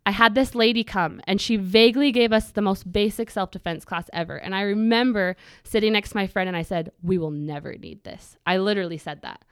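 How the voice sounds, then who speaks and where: A woman's voice: mid-range voice, brisk, few pauses, smooth, dry recording. Woman telling a vivid personal story. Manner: vivid storytelling that acts out her own quoted thoughts; earnest with flashes of humor. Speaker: podcast guest. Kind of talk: personal story told in an interview.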